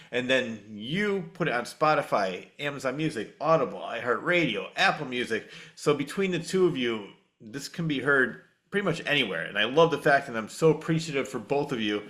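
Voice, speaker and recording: Man, podcast host, casual chat, enthusiastic, mid-pitched voice. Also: a bit bright. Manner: enthusiastic, plugging channels.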